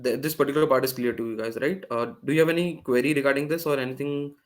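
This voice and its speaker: A man's voice: medium pitch, fairly even intonation, quick pace. A man presenting a live online workshop, explaining step by step with frequent fillers and restarts over a video call. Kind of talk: live screen-share tech demo.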